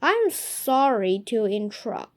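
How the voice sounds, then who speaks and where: A steady, protective robot mother from a storybook who speaks plainly and firmly, voiced by a woman reading aloud. Her delivery is slow and deliberate, and her pitch moves up and down freely.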